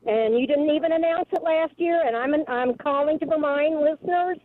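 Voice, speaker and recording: An outspoken woman caller with a high voice comes through a thin, tinny phone line. She talks emphatically and doesn't hold back. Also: moderate pace, no room sound. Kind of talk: phone-in complaint. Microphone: telephone.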